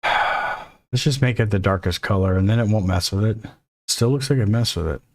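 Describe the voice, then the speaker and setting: A man's voice: fairly low pitch, moderate pace. A man teaching a casual screen-recorded coding lesson, thinking aloud and dropping jokey, self-deprecating asides as he works. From Mexico. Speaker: coding instructor.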